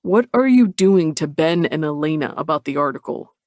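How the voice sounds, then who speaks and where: A man's voice: on the high side, expressive, moderate pace, a little mellow, no echo, studio quality, close to an everyday voice. A man putting on a blunt, cursing tough guy. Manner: curt, cursing, pushy. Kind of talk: audiobook character voice.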